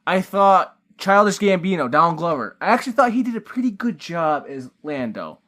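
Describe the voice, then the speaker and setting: A man's voice: sits high, big pitch swings, normal speed, a bit bright. A man co-hosting a podcast, reviewing a film in rambling, casual chat full of fillers and offhand swearing. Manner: mock voices when quoting characters. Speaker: podcast co-host.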